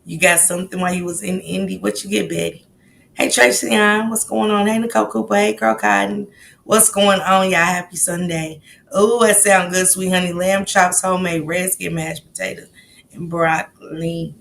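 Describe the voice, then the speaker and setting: A woman with a gravelly, fry-heavy voice hosting a relaxed livestream chat. She talks easily and greets viewers by name one after another, over a faint low rumble. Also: moderate pace. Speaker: livestream host.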